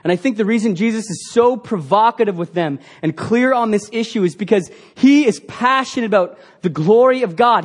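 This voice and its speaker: A man preaching a sermon as pastor, earnest and emphatic, asking the congregation rhetorical questions. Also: high voice.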